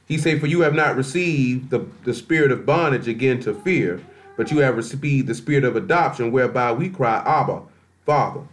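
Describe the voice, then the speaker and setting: A man's voice: mid-range voice, lively intonation, fairly quick. A man preaching a sermon in a blunt, colloquial, scolding way, weaving in scripture readings.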